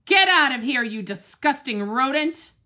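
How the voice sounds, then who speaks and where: An excitable pet dog, as a woman reading the story puts it on, yaps in a high, bright voice that leaps all over the place. Every word comes out loud and eager. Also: measured pace, heavily acted. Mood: indignant. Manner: yappy, bursting with eagerness.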